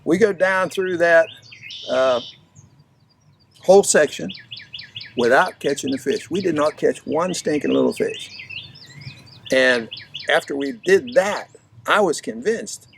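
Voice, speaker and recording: A man's voice: on the high side, unhurried, vocal fry, pauses often, slight background noise. Folksy man telling a fishing story. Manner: folksy, animated anecdote-telling. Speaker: fishing instructor. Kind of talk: storytelling lesson.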